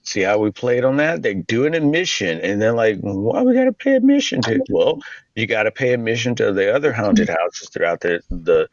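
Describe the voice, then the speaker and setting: A man co-hosting a podcast in casual, profane chat, riffing excitedly and slipping into mock voices. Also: fairly low pitch, moderate pace, no echo. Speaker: podcast co-host. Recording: dull lo-fi podcast audio.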